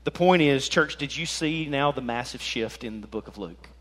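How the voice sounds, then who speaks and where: A man preaching an animated sermon as pastor, joking and swinging between loud and soft. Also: medium pitch, moderate pace.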